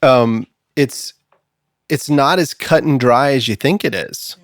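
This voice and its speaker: A man's voice: mid-range voice, slow pace, no echo, clean studio sound. A man hosting a casual Bible discussion podcast, chatty and laughing often. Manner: chatty, laughs often, puts on a Southern drawl for jokes. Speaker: podcast host. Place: studio.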